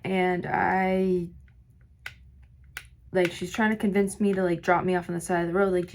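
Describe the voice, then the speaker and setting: A woman vlogging while doing her makeup, telling a long personal story in a rambling, filler-heavy way, her voice slightly hoarse. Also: lowish voice, flat delivery, moderate pace, pauses often, a little hiss or hum. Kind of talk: get-ready-with-me storytime.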